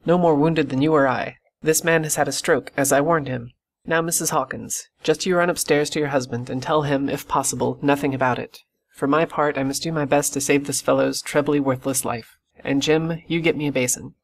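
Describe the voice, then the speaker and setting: A man reading the part of a stern, brisk country doctor who scolds with crisp authority. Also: a little high, steady tone, natural voice.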